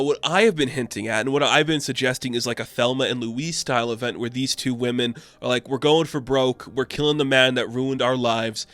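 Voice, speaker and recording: A man's voice: mid-range voice, a bit bright, clear, resonant tone, no echo. A man recapping and reviewing a comic issue in a chatty, opinionated way, full of "like". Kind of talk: casual recap and commentary.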